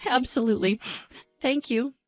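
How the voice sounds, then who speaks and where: A woman voicing a timid, apologetic young mother who speaks in a high, breathless way. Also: moderate pace, no echo, close to an everyday voice. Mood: shy. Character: timid, apologetic young mom, meek and flustered.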